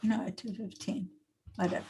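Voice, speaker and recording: Brief: middle-aged woman from Argentina, design teacher on a video call, some vocal fry, chatty and explanatory. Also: medium pitch, steady tone, moderate pace, dark tone, a little hiss or hum, rough recording. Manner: chatty, explains step by step with many fillers. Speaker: design instructor. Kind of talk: online class teaching. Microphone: computer mic on a video call.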